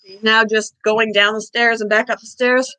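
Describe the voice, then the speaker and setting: Bright, breathless woman chatting with viewers. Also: little pitch movement, moderate pace, rough recording. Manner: chatty, baby-talks her pets in a high voice. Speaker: pet channel host. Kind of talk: casual live-stream chat.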